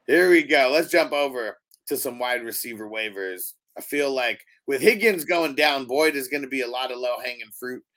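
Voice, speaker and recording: A man's voice: medium pitch, moderate pace, few pauses. A man hosting a casual fantasy football chat, running the segment and reading roster stats. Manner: relaxed, runs the segment, reads stats. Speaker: host.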